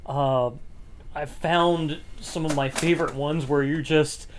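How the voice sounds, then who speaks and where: A woman's voice: deep voice, steady tone, takes it slowly, a little hiss or hum. A woman co-hosting a casual chat, rambling and laughing often as she acts out quotes. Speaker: podcast co-host.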